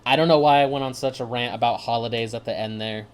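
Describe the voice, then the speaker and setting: A man's voice: medium pitch, steady tone, fast talker, smooth. Man ranting over gameplay. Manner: ranting, profane, sarcastic. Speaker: let's play host. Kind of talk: gameplay commentary.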